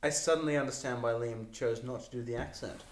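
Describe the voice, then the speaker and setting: A man's voice: medium pitch, fairly even intonation, fairly quick. A man co-hosting a casual podcast chat in a joking, teasing manner. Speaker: podcast co-host.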